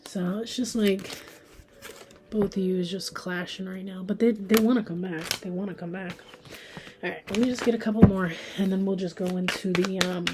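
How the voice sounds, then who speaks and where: A woman's voice: mid-range voice, very noisy. A woman giving a pick-a-card tarot reading in a chatty way, thinking aloud as she draws cards. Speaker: tarot reader.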